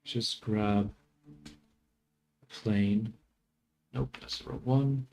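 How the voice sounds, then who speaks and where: A man's voice: on the low side, steady tone, takes it slowly, gravelly, long pauses, mellow. A man streaming his 3D work, talking casually to himself as he goes, swearing offhand and laughing at his mistakes. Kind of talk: casual think-aloud commentary while working.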